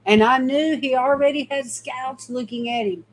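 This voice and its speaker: A woman's voice: high voice, fairly even intonation, normal speed, low-quality recording. A middle-aged woman, telling a personal faith testimony in a folksy, emphatic way and talking straight to her viewers. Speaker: mother giving a faith testimony. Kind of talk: casual storytelling testimony.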